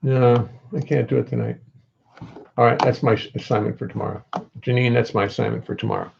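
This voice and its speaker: Gravelly man rambling between songs. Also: mid-range voice, fairly even intonation, darkish tone, muffled recording, a little hiss or hum. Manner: rambling, self-deprecating, halting. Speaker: jazz bassist and singer. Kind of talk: casual chat between songs on a livestream.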